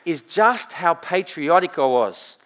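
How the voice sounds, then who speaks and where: Lively Australian preacher, man. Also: fairly high pitch, slow pace. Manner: lively, rhetorical "right?" asides, swings from loud emphasis to quiet. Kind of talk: sermon.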